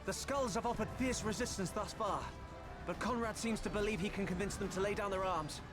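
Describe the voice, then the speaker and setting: Actor voicing a proud young warrior, high-voiced. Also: male voice, fairly quick, close to an everyday voice. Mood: confident. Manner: teasing, self-assured, formal speech. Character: proud young male warrior, confident son. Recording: game cutscene with music, distant.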